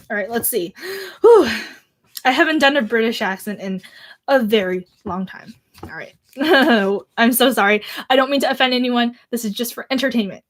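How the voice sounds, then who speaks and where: A young woman chatting casually on a livestream, replying to viewer comments and laughing often, with lots of "like" fillers. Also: on the high side.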